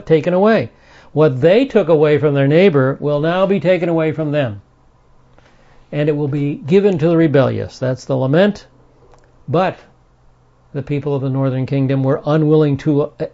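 A man's voice: mid-range voice, gravelly, warm tone. A man teaching the Bible verse by verse, explaining carefully, repeating key points and checking in with "okay". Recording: dull lo-fi recording.

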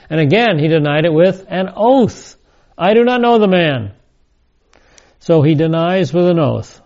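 A man's voice: a little high, mellow. Man teaching scripture, muffled recording. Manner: reads verses, adds casual asides. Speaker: Bible teacher. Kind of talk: scripture lesson. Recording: dull lo-fi recording.

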